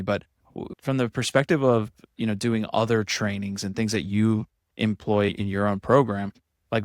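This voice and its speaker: A man's voice: lowish voice, no room sound, studio quality. A man hosting a podcast, asking long rambling questions in a casual interview. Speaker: podcast host.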